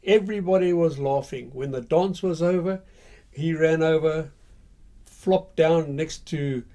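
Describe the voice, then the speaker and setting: A male history host tells his story casually, pausing on "uh" and "um" as he goes. His voice is mellow and warm and sits slightly high for a man. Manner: conversational with frequent fillers.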